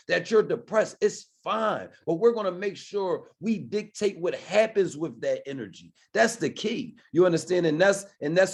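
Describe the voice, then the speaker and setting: A man leads a community presentation with a preacher's conviction. His voice sits a little high for a man, and he drives each point home, stopping again and again to ask if the room understands. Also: a little mellow. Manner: emphatic, keeps asking "you understand?". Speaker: minister presenting a community plan.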